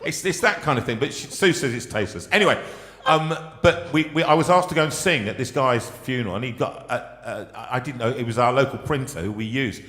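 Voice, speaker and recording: A man's voice: mid-range voice, a little fast, fairly bright tone. A man hosting a live show, telling funny stories in a chatty, self-mocking way and laughing as he goes. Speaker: host. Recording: echoey room with long reverb.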